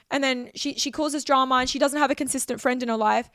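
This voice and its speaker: A young woman pours out a heated, profane, emotional vlog rant straight to camera. Her voice sits high and carries a gravelly fry. The sound is close and dry, with no room echo. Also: steady tone, quick pace, hardly any pauses, a bit bright. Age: 20s.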